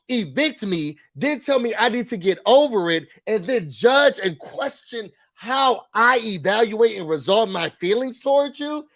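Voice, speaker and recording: A man with a noticeably high voice, talking through a casual rant. He sounds emphatic and frustrated, and he keeps circling back to say the same points again. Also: a bit bright. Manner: emphatic, repeats his points, vents frustration. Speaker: YouTube reality TV commentator.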